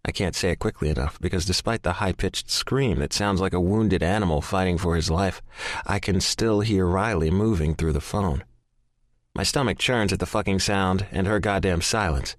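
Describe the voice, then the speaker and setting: Male audiobook narrator: very deep, expressive, profane first-person romance read, dry studio sound. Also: moderate pace, no room sound. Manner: profane, intense, emotionally charged.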